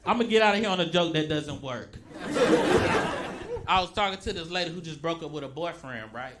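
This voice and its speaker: A stand-up comedian talking in a laid-back, giggly way that turns loud at the punchlines. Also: male voice, fairly high pitch, brisk, long pauses. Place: comedy club stage with audience. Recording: live club recording with crowd noise. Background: audience laughter.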